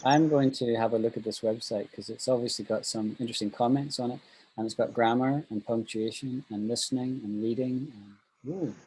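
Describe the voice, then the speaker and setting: A man teaching an online English class, upbeat and thinking out loud as he explains. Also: mid-range voice, steady tone, a little fast, a little hiss or hum, poor audio.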